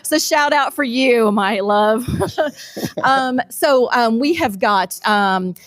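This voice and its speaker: A woman's voice: fairly high pitch, takes it slowly, no room sound. A woman co-hosting a live event in casual chat, laughing often and filling with ums. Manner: chatty, laughing, many ums. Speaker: livestream co-host.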